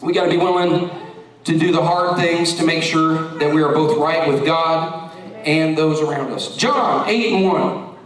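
A man preaching a sermon as pastor, animated and joking as he talks to the congregation. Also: a little high, normal speed, far from the mic. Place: church sanctuary. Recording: echoey church recorded from afar.

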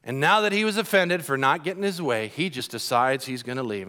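A man's voice: mid-range voice, animated, brisk, hardly any pauses, sharp tone. A man preaching a sermon, retelling a story with dramatic swings in volume. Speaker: pastor.

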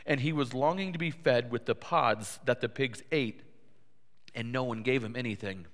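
A man preaching a sermon to his congregation, animated and lively, switching into different voices to act out how listeners react. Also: normal speed. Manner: animated, acts out listeners' voices with big pitch swings. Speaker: pastor. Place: church sanctuary. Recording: reverberant church hall.

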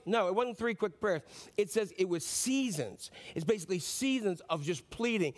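High-voiced man preaching earnestly. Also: moderate pace. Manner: earnest, pleading, rises and drops sharply for emphasis. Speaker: pastor. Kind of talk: sermon.

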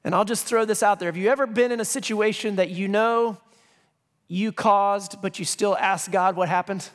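A man's voice: high-pitched, steady tone, moderate pace. A male pastor preaching a sermon in a conversational way, reading scripture with emphasis and dropping joking asides. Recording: long reverb of a large hall.

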